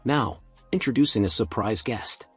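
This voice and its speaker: A man's voice: on the low side, lively intonation, moderate pace, fairly bright tone, breathy edge, no echo, soft background music, heavily acted. A man voicing a daytime TV talk-show host who announces guests in a narrated story. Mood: announcing. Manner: announcing, presenter-like.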